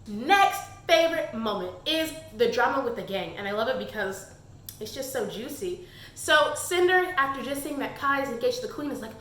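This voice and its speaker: A young woman chatting casually through a book review, animated and quick to act out characters in little asides. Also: a little high, reverberant.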